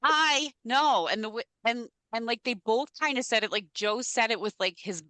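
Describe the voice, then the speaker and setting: A woman co-hosting a podcast, chatting casually and telling animated stories that she peppers with swearing. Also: on the high side, a little fast, dry recording. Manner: animated storyteller, swears freely. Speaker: podcast co-host. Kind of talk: casual chat.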